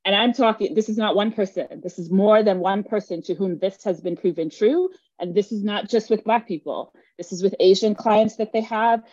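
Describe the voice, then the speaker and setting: A woman's voice: mid-range voice, moderate pace, hardly any pauses, darkish tone, no echo. A woman coach talks straight at her listeners in a mid-range voice, pressing each point home with repetition. The sound is dry and close, a little muffled at the top. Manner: emphatic, insistent, repeats points for weight. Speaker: business coach. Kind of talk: direct-to-camera advice talk.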